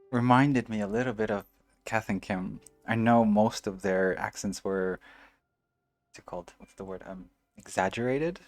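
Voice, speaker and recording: Gravelly man, low voice, casual let's-play chat, talks to viewers. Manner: chatty, reads and answers viewers, muses aloud. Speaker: game streamer.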